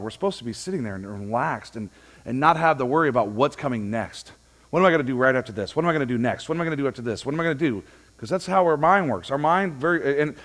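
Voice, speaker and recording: A man preaching a casual, conversational sermon in a church, telling funny stories and acting out both sides of the dialogue. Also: medium pitch. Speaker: pastor.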